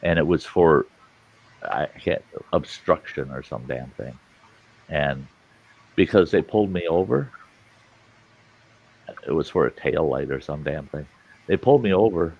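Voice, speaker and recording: Gravelly low guy telling a story, swears a lot, lo-fi call audio. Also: a little slow, long pauses. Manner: animated yarn-spinning, casual cursing. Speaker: storyteller in group chat. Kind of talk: casual chat, storytelling.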